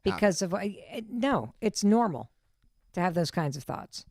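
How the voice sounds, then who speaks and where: A woman's voice: mid-range voice, lively intonation, normal speed, gravelly, darkish tone, no echo, studio quality. A middle-aged woman hosting a podcast, talking in an earnest, reassuring and emphatic way. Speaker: podcast host. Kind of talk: casual podcast conversation.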